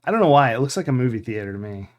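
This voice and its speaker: A man streams a game live, thinking aloud as he goes. He rambles with fillers in a medium-pitched voice. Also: big pitch swings, rapid-fire. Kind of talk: live game playthrough commentary.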